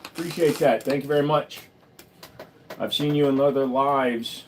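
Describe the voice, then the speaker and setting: A man's voice: medium pitch, fairly even intonation, moderate pace, slight background noise. Rambling casual male livestream host. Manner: rambling, joking, talks to his dog between topics.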